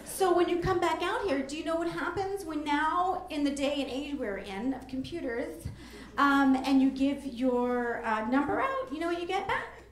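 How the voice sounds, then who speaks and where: A woman's voice: high-pitched, animated, moderate pace. A woman in her forties doing a brash, rambling stand-up set, jumping into squealing voices, on a comedy club stage with a handheld mic. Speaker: stand-up comic. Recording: echoey club room with audience laughter.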